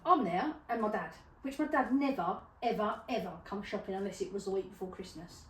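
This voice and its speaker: A middle-aged woman co-hosting a podcast, telling funny stories in a casual chat, animated, laughing often and swearing freely. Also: medium pitch, a little fast. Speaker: podcast co-host. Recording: roomy, distant mic with faint noise.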